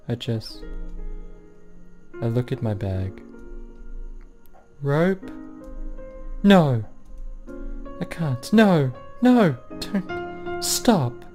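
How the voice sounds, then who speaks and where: A man's voice: medium pitch, very slow, long pauses, music in the background. A man reading aloud as a distraught teenage girl in a visual novel, in a shaky, pleading first-person voice. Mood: panicked. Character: distraught teenage girl, panicking and self-blaming.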